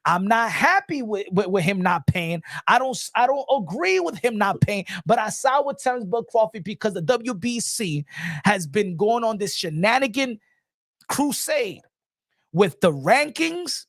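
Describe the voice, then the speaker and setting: Brief: an opinionated man on a boxing stream, talking emphatically in a dry, close sound. His delivery is animated and forceful as he makes his case. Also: sits high, a little slow, creaky, no room sound. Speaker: boxing commentary host. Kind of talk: casual livestream commentary.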